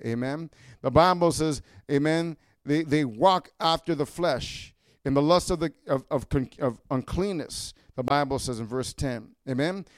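A male preacher with a high, smooth, resonant voice delivers a fiery sermon. He shouts often and keeps calling "amen?" to his congregation. The sound is dry and close, with no room echo.

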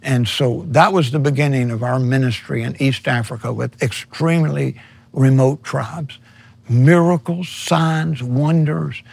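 A man's voice: mid-range voice, unhurried, gravelly, a little mellow, breathy edge, no echo. A middle-aged man, a missionary preacher, telling his story earnestly in an interview and acting out his own words. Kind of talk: personal testimony in an interview.

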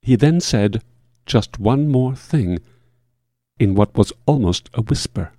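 A man reading a first-person horror tale as scripted narration, with a measured, solemn and formal delivery. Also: medium pitch, animated, mellow, no room sound, clean studio sound.

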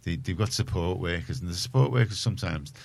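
A man's voice: deep voice, fast talker, creaky. A man with a Liverpool accent presenting a community radio show, chatting casually in a rambling, self-mocking way. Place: radio studio.

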